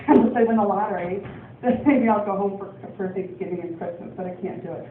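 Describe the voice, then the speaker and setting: A woman's voice: medium pitch, a little fast, slight background noise. A woman from Portland, Oregon, doing a stand-up comedy set, rambling with lots of ums and laughs. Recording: distant, echoey, phone-like club recording.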